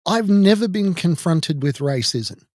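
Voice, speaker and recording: A man's voice: high voice, lively intonation, measured pace, a little mellow, no room sound, clean studio sound. A man from Ireland with an Irish accent, telling a personal story in an indignant, heated way as a podcast host. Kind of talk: personal monologue.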